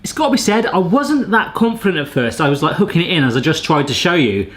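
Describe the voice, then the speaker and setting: A man's voice: fairly high pitch, big pitch swings, fast, noisy background. A man, chatting playfully to viewers as he tests kitchen gadgets in a casual vlog. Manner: playful, jokey, talks straight to viewers. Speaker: cooking gadget reviewer.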